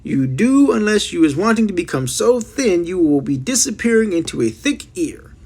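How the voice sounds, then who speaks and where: A man's voice: big pitch swings, normal speed, darkish tone, breathy edge, heavily acted. A man voicing a very old, kindly giant who talks in jumbled, mangled grammar. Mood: rambling. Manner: mangled grammar, booming cries.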